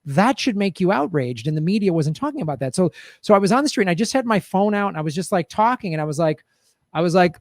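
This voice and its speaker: Animated high-voiced man telling a story. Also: a little fast, no room sound, studio quality. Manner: animated storytelling, quotes others. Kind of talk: casual podcast chat.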